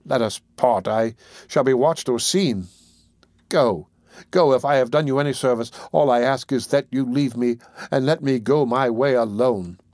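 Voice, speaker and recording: A man's voice: mid-range voice, normal speed, darkish tone, no echo, clean studio sound, close to an everyday voice. A man reading an audiobook, voicing a frightened, desperate young woman with an urgent, pleading delivery.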